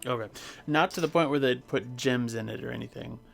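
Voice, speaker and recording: A man acting as game master, describing an online tabletop game scene haltingly, with many fillers. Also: mid-range voice, vocal fry. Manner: hesitant, filler-heavy description.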